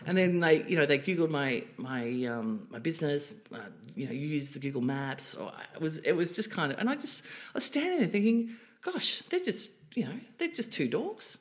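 An Australian woman in her forties speaks as an interview guest. She tells her stories in an animated way, breaking into laughter and restarting her sentences often. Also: sits low, a little fast, few pauses. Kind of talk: casual interview chat.

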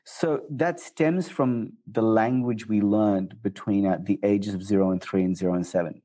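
A man answering interview questions about communication in a conversational way, jumping up in pitch for quoted asides. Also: normal speed, dark tone. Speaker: guest speaker on communication.

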